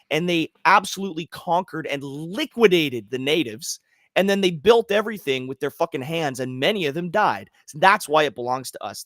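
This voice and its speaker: A man from Canada co-hosting a livestream podcast, ranting forcefully and swearing freely. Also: fairly high pitch, no room sound, clean studio sound. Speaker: podcast co-host. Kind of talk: heated livestream podcast talk.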